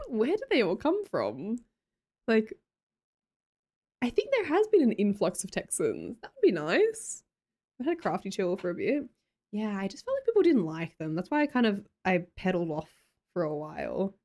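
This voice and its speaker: A woman's voice: mid-range voice, a little mellow. Bubbly Australian woman streamer. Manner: bubbly, greets chatters, frequent laughs. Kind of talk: casual live-stream chat, reading chat aloud.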